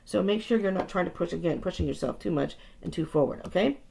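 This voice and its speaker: Gravelly-voiced woman reading tarot. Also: fairly low pitch, quick pace, mellow, a little hiss or hum. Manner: chatty, reassuring, with frequent restarts. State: tired. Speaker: tarot reader.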